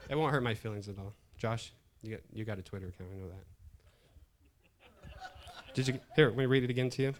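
This middle-aged pastor has a fairly low voice, talks fast, and pauses often. He tells a funny story from the pulpit as part of his sermon, laughing a lot and narrating with animation.

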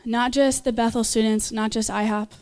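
A woman's voice: fairly high pitch, fairly even intonation, normal speed, smooth. A woman preaching and leading prayer at a church gathering, earnest and encouraging, with small asides and laughs. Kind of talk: sermon and altar call.

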